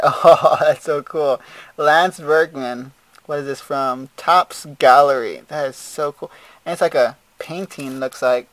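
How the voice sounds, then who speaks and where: A man's voice: a little high, dry recording. A young man, casually chatting and exclaiming as he opens mail for his vlog. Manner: excitable, laughing, lots of exclamations. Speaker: vlogger opening mail. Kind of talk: casual excited unboxing chat.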